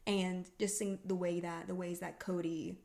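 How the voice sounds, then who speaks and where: A woman's voice: on the low side, little pitch movement, moderate pace, creaky, darkish tone. A young woman co-hosting a podcast, recapping an episode in casual chat, laughing often. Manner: chatty, laughs often, acts out character lines. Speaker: podcast co-host.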